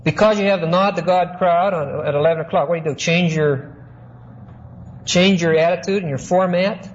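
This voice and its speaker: A man preaching an expository sermon as pastor. He teaches in a measured way, asks rhetorical questions and stretches key words slowly. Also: fairly high pitch. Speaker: pastor teaching a Bible study. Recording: muffled lo-fi recording with faint hiss.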